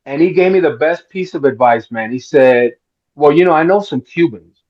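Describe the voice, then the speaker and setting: A middle-aged man from Miami, fairly high-pitched, spins a long story at a roundtable and slips into the voices of the people in it. The sound is a little dull and lo-fi. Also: normal speed. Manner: animated storyteller, acts out quotes. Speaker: actor guest.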